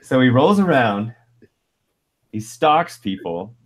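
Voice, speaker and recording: A man in casual stream chat, curious and quick to laugh, asking question after question. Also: medium pitch, sing-song.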